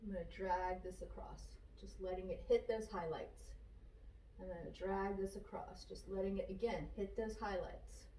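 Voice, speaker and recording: A woman's voice: mid-range voice, fairly even intonation, normal speed, dark tone, a little hiss or hum. A woman demonstrating a furniture painting technique, casually talking through each brush stroke as she works and repeating her steps aloud. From Florida, USA. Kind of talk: casual how-to narration while working. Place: shop workspace. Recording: echoey room, voice from a distance.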